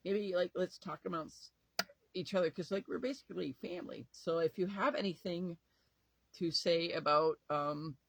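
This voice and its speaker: A man's voice: sits high, steady tone, normal speed, creaky, a bit bright, no room sound, rough recording. A tired man venting to camera at home in a rambling, profane, emotional way, often trailing off and restarting. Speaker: vlogger. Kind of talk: casual talk to camera.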